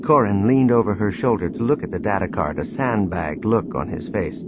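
A man reading a novel aloud as an audiobook narrator, in a measured, even storytelling manner. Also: on the low side, lo-fi sound, very noisy. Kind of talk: scripted narration.

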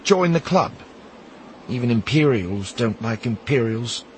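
A man's voice: mid-range voice, expressive, a little slow, a little mellow, a little hiss or hum, pitched above the performer's own voice, natural voice, rough recording. A man voicing a weary, cynical ex-Imperial man who talks in a dry, sarcastic and theatrical way. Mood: sardonic.

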